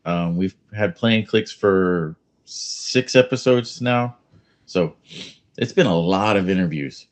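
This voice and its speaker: A man's voice: deep voice, slow pace. A man co-hosting a casual chat show over a remote call, chatty and joking. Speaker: podcast co-host.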